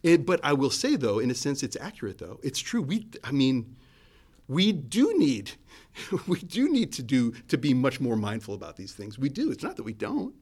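A man preaching a sermon in a conversational, searching way, often restarting his sentences. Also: normal speed. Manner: conversational, searching, with restarts and lively swings in pitch and loudness. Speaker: pastor.

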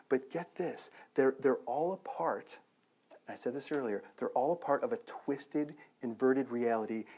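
A man, around his thirties, preaching a sermon in a conversational, animated way, full of rhetorical questions. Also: fairly high pitch, breathy edge. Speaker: pastor.

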